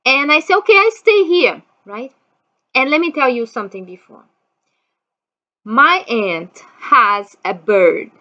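A woman casually telling a childhood story as a vlogger, animated, laughing often and acting out quotes in a higher voice. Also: muffled recording.

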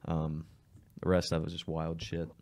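A young man co-hosting a podcast, telling stories in a relaxed, rambling way with lots of fillers. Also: very deep voice, moderate pace. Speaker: podcast co-host. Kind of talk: casual chat.

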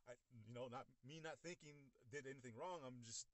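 A young man casually retelling a personal story. He talks in a halting way, repeats words and acts out what others said. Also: medium pitch, dry recording.

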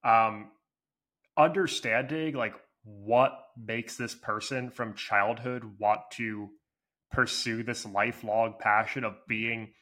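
A man's voice: fairly low pitch, fairly even intonation, slow, sharp tone. A man co-hosting a casual podcast discussion, chatty and enthusiastic, with a frequent "like".

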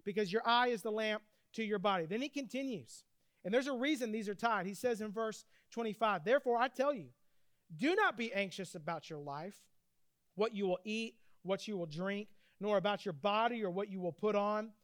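A man preaching a sermon, telling stories with energy and reading scripture slowly. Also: high voice, no echo, studio quality. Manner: animated storytelling preacher, reads scripture slowly. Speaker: pastor.

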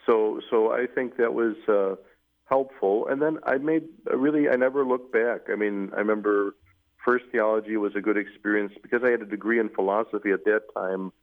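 A middle-aged man, a newly appointed Catholic bishop, telling his story at length in a measured way, with fillers. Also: fairly low pitch. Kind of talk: interview storytelling. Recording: tinny phone-like radio audio.

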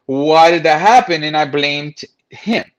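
A man's voice: fairly high pitch, unhurried. A man frankly telling a personal story, blunt and profane, acting out what others said. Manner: frank, profane, acts out quoted voices.

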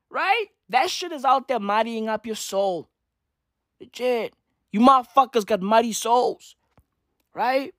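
A woman's voice: high voice, a bit bright, no room sound, studio quality. A woman ranting in casual commentary, swearing freely and leaning on slang fillers. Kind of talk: profane slangy commentary rant.

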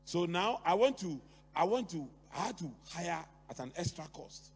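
A middle-aged man preaching a sermon, talking to the congregation with lively rhetorical questions and asides. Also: a little high, moderate pace, breathy edge. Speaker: pastor. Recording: long hall reverb, faint hum.

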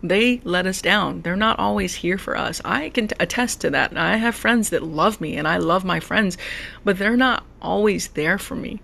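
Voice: mid-range voice, normal speed, vocal fry, pushed and bright. A podcast host talking heartfelt and personal in a solo monologue, often repeating and restarting words. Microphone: podcast mic.

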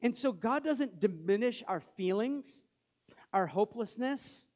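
A male preacher talks through his sermon conversationally, questioning the congregation and softening for scripture. His voice is high with animated intonation, and his pace is slightly slow.

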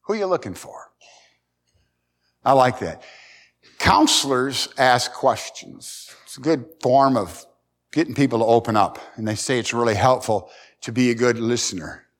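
A middle-aged man preaching a sermon, folksy and emphatic, climbing to loud high peaks and repeating words. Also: lively intonation, normal speed. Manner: emphatic, rising loud at key points. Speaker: pastor.

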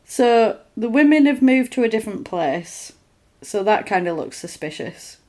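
A chatty woman with a fairly high voice gives a casual recap of a film. She retells it in an animated, conversational way with fillers and restarts, acting out lines in quick put-on voices.

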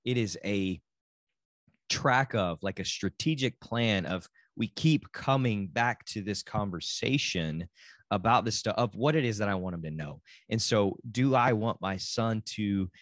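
A man's voice: fairly low pitch, animated, unhurried, no room sound. A middle-aged man from Texas with a Texan accent, talking casually and rambling with self-interruptions on his own podcast. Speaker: podcast host and dad. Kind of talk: casual solo podcast talk.

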